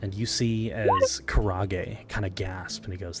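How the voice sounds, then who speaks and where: Man, game master, narrating a tabletop game, measured storytelling, lowish voice, music behind. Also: fairly even intonation. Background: background music.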